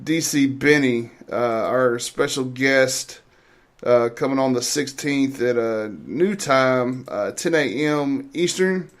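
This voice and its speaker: A man hosting a talk show, chatting loosely with plenty of filler sounds while he sets up a clip. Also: medium pitch. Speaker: radio show host. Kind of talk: casual podcast chat.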